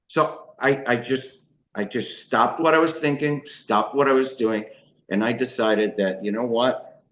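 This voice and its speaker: A man's voice: medium pitch, roomy sound. A man telling his own recovery story in an emotional, rambling way, full of restarts and "you know". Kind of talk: personal testimony talk.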